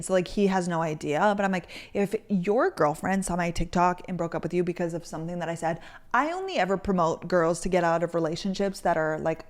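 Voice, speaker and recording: A content creator with a lowish, darkish voice talks casually to camera, chatty and telling stories peppered with "like"s and quoted voices. The sound is from a camera mic.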